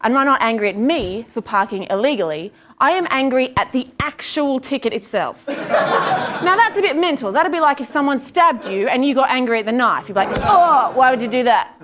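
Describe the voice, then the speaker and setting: A woman's voice: high voice, lively intonation. Self-deprecating woman comic on stage. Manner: self-deprecating, quick asides, acted-out quotes. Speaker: stand-up comic. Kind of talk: stand-up comedy set. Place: comedy stage before live audience. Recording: live room with audience laughter and noise.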